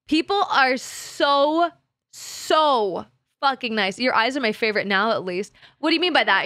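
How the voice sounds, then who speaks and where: A woman's voice: sits high, pushed and bright, dry recording, studio quality. A woman streaming as a VTuber in casual chat, swearing freely and breaking into laughter often. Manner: profane and giggly, swears often and laughs a lot.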